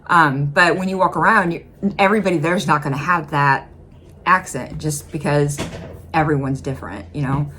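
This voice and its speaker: Low-voiced woman from the Midwest, rambling. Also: normal speed, pushed and bright, slight background noise. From Midwest United States. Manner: rambling, heavy with "like" and "um". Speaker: reaction video host. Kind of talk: casual commentary.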